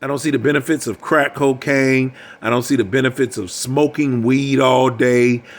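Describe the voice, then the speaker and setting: A man's voice: mid-range voice, fairly even intonation, normal speed. An older man gives a preachy, emphatic monologue as a relationship coach. He keeps repeating his phrases for emphasis. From United States.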